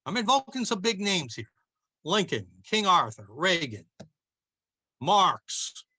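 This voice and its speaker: A man delivers a scripted political commentary as a show host, his voice bright, forceful and pitched a little high. He declaims with emphasis and draws out key phrases with slow, dramatic pauses. The sound is dry and close, with no room around it. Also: sing-song, slightly rough, no echo, poor audio.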